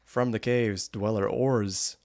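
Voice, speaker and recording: A man's voice: fairly low pitch, steady tone, takes it slowly, darkish tone. A man giving casual, wry gameplay commentary, rambling and often laughing. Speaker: gaming YouTuber.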